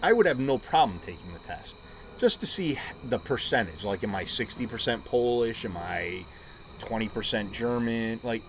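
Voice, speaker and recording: A man's voice: medium pitch, lively intonation, moderate pace, vocal fry, fairly bright tone, a little hiss or hum. A man in casual chat, blunt and joking, swearing now and then. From United States.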